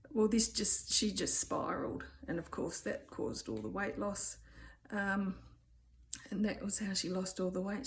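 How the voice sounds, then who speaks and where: An Australian woman in her fifties talks straight to her viewers in a relaxed, conversational way. She rambles as she goes, filling pauses with "um" and steering back with "anyway.". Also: mid-range voice, slight background noise. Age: 50s. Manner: chatty and rambling, many "um"s and "anyway"s. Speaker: vlogger. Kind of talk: casual storytelling to camera.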